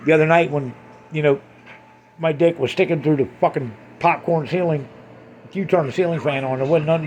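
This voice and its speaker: A man's voice: on the high side, a little fast, a little mellow, slight background noise. A man in a crude, rambling rant, swearing heavily and drifting between asides. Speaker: monologuist.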